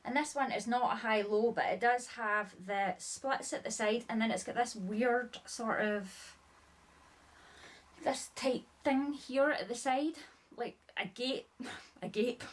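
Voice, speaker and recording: A woman's voice: fairly high pitch, takes it slowly. A woman chatting casually through a haul video, a little out of breath, rambling and apologizing often, filling her sentences with "like". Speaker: haul vlogger. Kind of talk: casual chat showing items.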